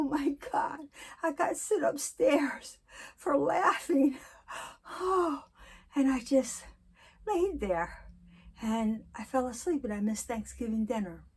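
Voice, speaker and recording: A woman in her sixties talking candidly in a personal vlog, telling stories and reflecting slowly. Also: sits high. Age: 60s. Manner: candid storytelling, slow and reflective. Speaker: vlogger.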